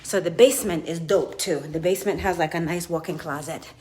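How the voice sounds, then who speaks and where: A woman's voice: on the low side, fairly quick, darkish tone. A woman in her fifties filming a live tour of a large house on her handheld phone, talking bluntly and profanely to her viewers. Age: 50s. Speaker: vlogger.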